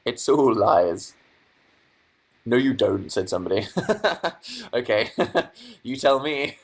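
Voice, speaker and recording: A man's voice: mid-range voice, slow pace. Sarcastic young man reading chat aloud. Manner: reads chat aloud, dry sarcastic asides. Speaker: livestream host. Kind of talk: casual livestream chat. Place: bedroom.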